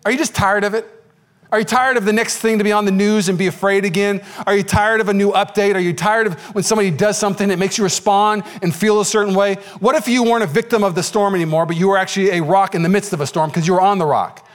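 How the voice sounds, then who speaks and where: Pastor, male, high voice; animated sermon storyteller who acts out characters. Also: fast.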